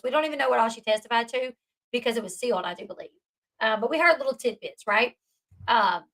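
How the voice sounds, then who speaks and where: A woman's voice: fairly high pitch, fairly bright tone, low-quality recording. A young adult woman giving casual commentary and reacting to live chat, telling the story emphatically and with indignation. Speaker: online commentator.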